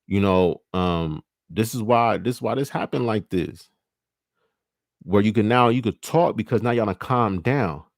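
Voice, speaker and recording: Deep-voiced casual man. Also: vocal fry, no room sound, studio quality. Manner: loose, profane, acts out both partners in quick quoted bits. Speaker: livestream host. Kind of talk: casual monologue on relationships.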